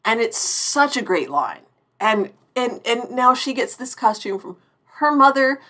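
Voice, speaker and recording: A woman's voice: fairly high pitch, very animated, unhurried, fairly bright tone. A woman around forty hosting a live-stream TV review, effusive and chatty, often restarting her sentences mid-thought.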